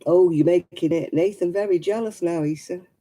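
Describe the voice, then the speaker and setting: A woman's voice: on the low side, moderate pace, warm tone. A middle-aged woman with a Lancashire accent and a cough, chatting casually on her crafting live stream, laughing and greeting viewers by name. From Lancashire, England. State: coughing, rough throat. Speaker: crafting livestream host.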